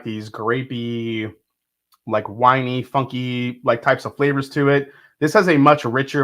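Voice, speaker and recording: A livestream host with a mid-range, fairly bright voice chats casually, welcoming viewers by name. As he tastes, he thinks out loud.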